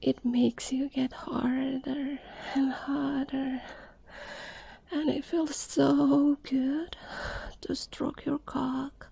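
A woman in whispered role-play, talking in a slow, unvoiced whisper broken by long, hesitant pauses. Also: high-pitched, little pitch movement, gravelly, warm tone, no echo, poor audio. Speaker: audio performer.

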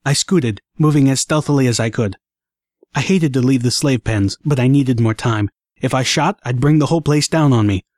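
A man reading a first-person action story aloud in an expressive, dramatic way. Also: mid-range voice, moderate pace, dry recording, studio quality. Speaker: audiobook narrator.

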